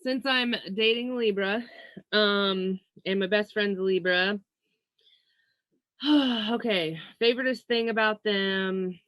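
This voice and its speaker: A woman's voice: mid-range voice, takes it slowly, fairly bright tone, no room sound. A young woman co-hosting a podcast, chatting casually about astrology, laid-back, swearing and laughing freely. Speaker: podcast co-host.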